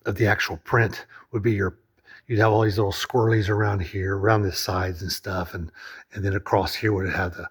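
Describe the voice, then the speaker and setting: Husky-voiced man rambling casually. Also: on the low side. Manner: rambling, chatty, with many fillers. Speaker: vlogger touring a lodge. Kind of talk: casual walkthrough narration. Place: indoors in a lodge room.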